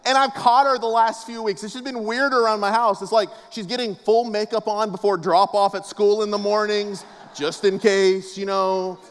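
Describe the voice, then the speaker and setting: High-voiced joking pastor in a reverberant hall. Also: male voice, steady tone, normal speed, few pauses, smooth. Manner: casual, joking storyteller with a preaching cadence. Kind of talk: humorous conversational sermon. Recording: long reverb of a large hall.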